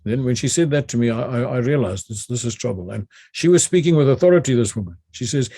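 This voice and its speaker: Talking fast with barely a pause, a retired army general, an older man with a South African accent, retells a story in an animated way. His mid-range voice is slightly rough, and he keeps restarting and repeating words.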